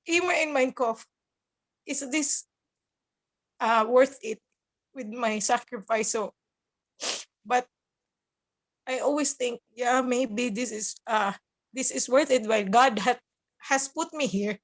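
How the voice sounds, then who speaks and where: Slow, halting Filipino woman guest. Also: on the high side. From Philippines. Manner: halting, mixes English and German, laughs through tears. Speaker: guest, nurse working abroad. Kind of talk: emotional podcast interview.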